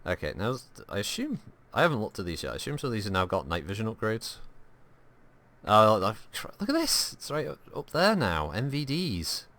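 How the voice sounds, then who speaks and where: A man's voice: lowish voice, sing-song, normal speed, a bit bright. A man giving live, joking gameplay commentary as a streamer, rambling, swearing and answering his chat. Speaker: gaming streamer.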